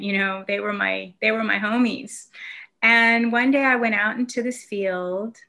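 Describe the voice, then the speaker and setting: An American woman, a guest in a relaxed conversation, tells a story from her childhood with warmth and reflection. Her mid-range voice is bright and forward, and she circles back with restarts and "um"s as memories come.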